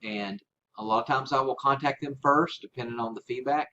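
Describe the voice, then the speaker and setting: A man's voice: medium pitch, steady tone, a little fast, sharp tone. A man giving a casual spoken tutorial as an online seller, coaching in an informal way and often checking in with "right?". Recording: slightly dull lo-fi recording with faint hiss.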